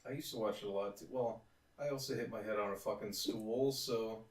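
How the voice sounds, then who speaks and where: A man's voice: lowish voice, a little fast, far from the mic. Joking young man, echoey and off-mic. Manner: joking, profane, storytelling. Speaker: podcast co-host. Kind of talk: casual chat. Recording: roomy echo, off-mic.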